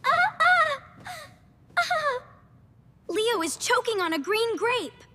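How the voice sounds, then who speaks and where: A woman voicing a very high bossy cartoon girl. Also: big pitch swings, slow pace, fairly bright tone, a little hiss or hum, heavily acted. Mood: frantic. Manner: scolding, then urgent and frantic. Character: bossy sensible young girl. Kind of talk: slow cartoon story. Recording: reverberant room.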